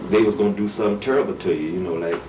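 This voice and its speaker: Man, very low voice, distant mic, echoey room, faint noise. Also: racing. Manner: says "you know" constantly. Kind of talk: interview. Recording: roomy, distant, noisy.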